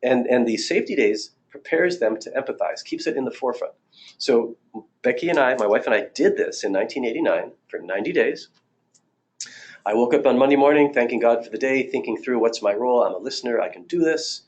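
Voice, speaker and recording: A man's voice: medium pitch, brisk, a little mellow. A man in his sixties, a marriage therapist, giving a recorded training talk in a conversational, anecdotal way with fillers and restarts.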